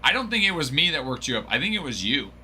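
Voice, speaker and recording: A man's voice: a little high, sing-song, fast talker, bright, forceful tone, slight background noise. A man hosting a card break livestream, joking and laughing as he answers viewers by name. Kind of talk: casual livestream chat.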